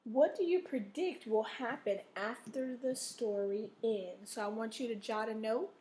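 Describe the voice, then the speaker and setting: Her voice is on the high side, a little slow and a little mellow, as she teaches children a recorded reading lesson. Patient throughout, she keeps checking in by asking "okay?" and sometimes reads aloud with expression.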